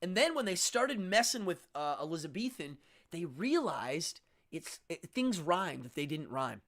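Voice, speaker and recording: A man's voice: fairly high pitch, big pitch swings, measured pace, fairly bright tone. A middle-aged man hosting a casual livestream, chatting and rambling to viewers and reading their comments aloud. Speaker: livestream host.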